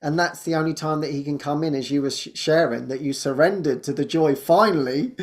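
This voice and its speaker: Male podcast host, casual spiritual chat, stumbles and repeats words, frequent laughs. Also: fairly high pitch. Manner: halting, repeats words and restarts often; laughs often while talking.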